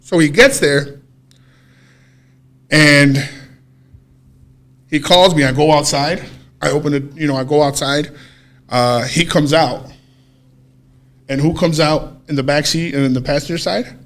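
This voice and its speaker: Man, podcast co-host, casual storytelling, profane, animated, slightly high voice. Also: measured pace, pauses often.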